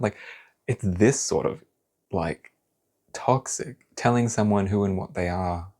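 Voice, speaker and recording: Man, tarot reader, deep husky voice, blunt and animated, casual swearing. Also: measured pace, long pauses. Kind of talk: pick-a-card tarot reading.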